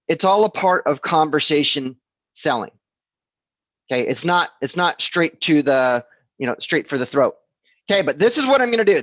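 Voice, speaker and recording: Male sales trainer, slightly higher voice, casual and repetitive, dry close sound. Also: fairly bright tone, no echo, muffled recording. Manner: conversational, repeats himself, checks in with "okay?" and "right?". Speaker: real estate sales trainer. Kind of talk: casual instructional talk.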